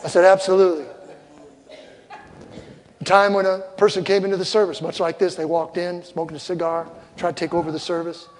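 An older man preaching a sermon as a pastor, telling stories with loud punchlines and soft asides. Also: sits high, little pitch movement, fast talker, hardly any pauses. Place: church sanctuary. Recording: long hall reverb, faint crowd ambience.

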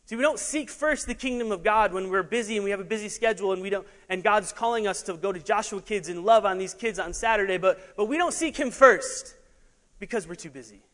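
A man preaching an animated sermon as a pastor, laughing at himself and sometimes short of breath. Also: sits high, a little fast. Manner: animated, laughing asides, juggling while preaching. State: out of breath at times. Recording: long hall reverb.

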